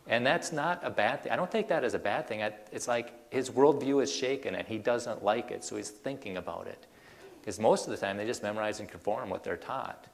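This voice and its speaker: Gravelly-voiced male speaker, animated and folksy, lots of rhetorical questions, long hall reverb. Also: lowish voice. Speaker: creationist speaker. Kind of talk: presentation to an audience.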